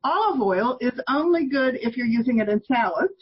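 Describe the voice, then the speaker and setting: Woman in her sixties, very husky voice, higher pitch, emphatic and opinionated, dull lo-fi audio. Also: expressive, normal speed. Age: 60s. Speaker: guest, toxin elimination author. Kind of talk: podcast interview.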